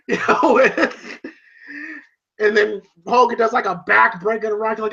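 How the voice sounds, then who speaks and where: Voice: medium pitch, normal speed, pushed and bright, highs cut off. A movie reviewer casually retelling a fight scene, rambling with many fillers and frequent laughs.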